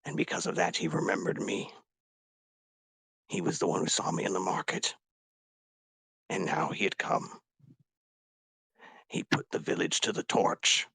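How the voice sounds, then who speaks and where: A man voicing a grief-stricken dragonborn warrior, confessing in a raw, halting way with whispered breaks. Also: deep voice, fairly even intonation, gravelly, a bit bright, breathy edge, no echo, exaggerated voice. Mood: grieving. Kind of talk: tabletop role-play character speech.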